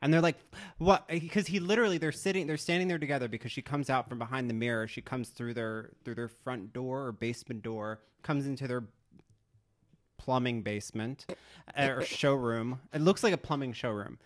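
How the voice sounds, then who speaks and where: A man's voice: medium pitch, brisk. A man co-hosting a podcast, retelling scenes from an old show in a playful, jokey way. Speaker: podcast co-host. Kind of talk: casual chat reviewing an old show.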